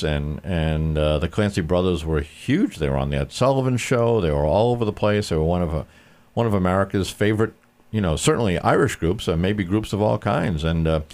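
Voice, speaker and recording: Man, radio host, very low voice, casual interview, easygoing fillers. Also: darkish tone.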